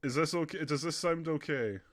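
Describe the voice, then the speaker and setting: A man's voice: a little high, a little fast. A young man streaming live from home, chatting casually with viewers in a rambling, chatty way, his nose running. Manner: rambling, chatty, often laughing. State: runny nose. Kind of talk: casual livestream chat. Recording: faint background music.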